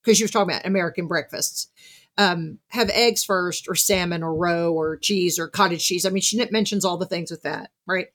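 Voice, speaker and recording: A woman hosting a podcast interview, chatting casually and retelling what she has read with lively asides. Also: on the low side, fairly quick. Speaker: podcast host.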